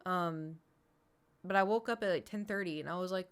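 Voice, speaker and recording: A woman's voice: lowish voice, fairly quick, clear, resonant tone. A young adult woman streamer telling a long story in casual chat, rambling with lots of fillers and swearing.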